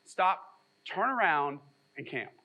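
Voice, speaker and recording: Male pastor, slightly high and bright, easygoing sermon with jokey asides. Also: moderate pace, low-quality recording. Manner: conversational, self-deprecating asides between scripture readings.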